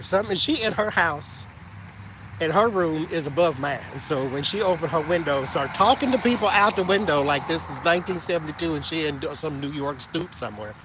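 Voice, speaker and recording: A man tells a story to his viewers with gossipy energy and a lot of emphasis. His voice sits a little high and swoops up and down all the time. Faint background noise hums underneath. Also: a bit bright. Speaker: vlogger. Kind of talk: casual storytelling to camera.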